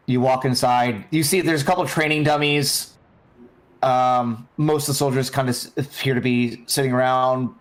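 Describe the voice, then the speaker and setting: Man narrating as a loose, halting game master. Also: mid-range voice, steady tone. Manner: loose and halting, lots of fillers.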